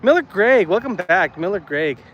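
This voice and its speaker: A man's voice: high-pitched, lively intonation, moderate pace, a bit bright, highs cut off. A man chatting casually with live viewers while walking outdoors, a little out of breath, rambling and getting worked up. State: slightly out of breath from walking uphill. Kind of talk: casual live walk-and-talk. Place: outdoors on city streets. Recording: faint street noise outdoors.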